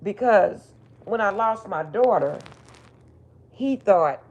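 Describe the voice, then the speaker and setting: A woman's voice: mid-range voice, expressive, slow pace, long pauses, darkish tone, highs cut off. A middle-aged woman, a spiritual reader, telling a personal story in a blunt, emphatic, profane way. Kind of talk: casual storytelling monologue.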